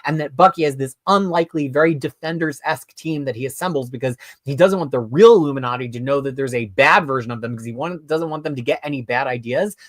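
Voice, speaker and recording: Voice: mid-range voice, fast, few pauses, no room sound. A comic book reviewer hosting a casual livestream, talking in an opinionated, chatty way with lots of "like" asides and acted-out reactions. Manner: animated, mimics reactions in quoted asides.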